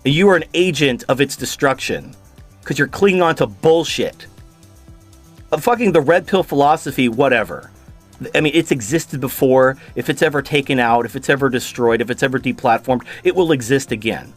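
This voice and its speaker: Reacting to a clip in his video, a male host delivers an angry, profane rant in furious bursts. His voice is medium-pitched at a moderate pace, with soft music playing in the background.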